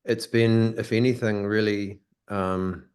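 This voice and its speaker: A man's voice: fairly low pitch, steady tone, slow pace, darkish tone, clean tone. Hesitant New man on a call. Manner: hesitant, many fillers and restarts. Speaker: guest photographer. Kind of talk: casual video call discussion. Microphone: video call.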